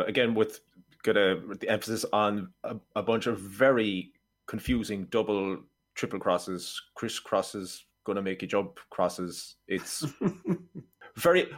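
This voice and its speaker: Low-voiced wry man reviewing films. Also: moderate pace. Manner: wry, sardonic commentary. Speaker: film podcast co-host. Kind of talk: casual film review chat.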